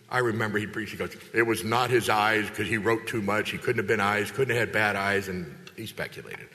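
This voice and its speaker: A man preaching a sermon as a pastor, lively and conversational, acting out quoted voices with big jumps in pitch. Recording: long hall reverb.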